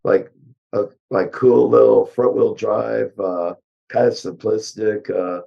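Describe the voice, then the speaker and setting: An older man, a car engineer, chatting bluntly and ramblingly as an interview guest, his voice hoarse. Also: fairly low pitch, steady tone, slow pace, highs cut off. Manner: blunt, rambling, with many fillers. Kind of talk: casual interview chat.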